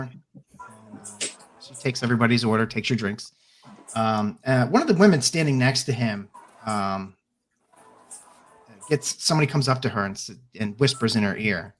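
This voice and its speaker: A man's voice: mid-range voice, a little hiss or hum. A man running a tabletop spy game as game master, narrating a party scene with frequent fillers and restarts. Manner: halting, many fillers and restarts.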